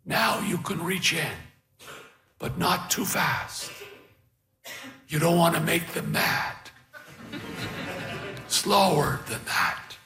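Old man, gentle mentor, read by a male narrator: hushed, slow, patient. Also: a little high, lively intonation, creaky, reverberant, exaggerated voice. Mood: hushed coaching. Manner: soft, slow, hushed coaching.

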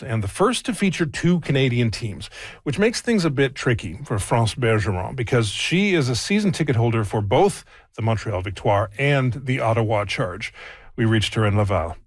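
A male radio host reading a scripted news intro in a measured way, then interviewing a guest. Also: mid-range voice, animated, no room sound.

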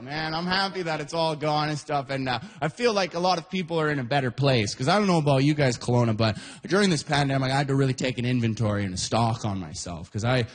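A man from Canada performing a stand-up comedy set, telling a story with animated delivery and shouted quoted voices. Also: mid-range voice, slightly rough.

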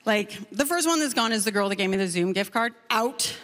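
A woman comedian performing a stand-up set on stage, telling a story in a lively, conversational way. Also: medium pitch, a little fast, in a large hall.

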